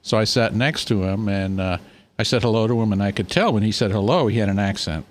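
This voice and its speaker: A man's voice: on the low side, quick pace, a little hiss or hum. A man who is a regular on a radio talk show, telling a story in an easygoing, plain way. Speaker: radio show regular, short-term missionary.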